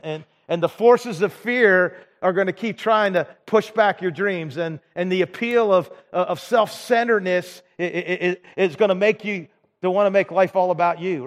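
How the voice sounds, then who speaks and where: Male pastor, conversational sermon, slightly higher voice, long hall reverb. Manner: conversational, with many restarts and fillers. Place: church.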